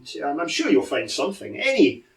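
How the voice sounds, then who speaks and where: A woman's voice: deep voice, sing-song, a little fast, distant mic, pitched above the performer's own voice. A man playing a scheming noblewoman host. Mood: courteous.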